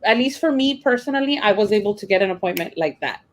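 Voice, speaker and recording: A woman's voice: medium pitch, expressive, fast, rough recording. A young adult woman teacher, telling a personal story in a rambling, emotional way with many fillers and restarts. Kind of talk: casual personal account.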